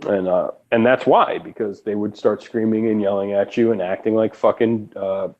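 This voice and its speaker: A man's voice: lowish voice, steady tone, normal speed, darkish tone. A man in casual chat, a laid-back recording engineer who swears freely and mumbles. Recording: dull lo-fi sound.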